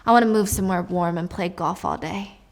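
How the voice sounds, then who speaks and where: A smug, corrupt middle-aged police chief, as a woman puts him on, talking softly and low while he blackmails. His voice stays hushed and calm. Drama recap. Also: fairly quick, gravelly.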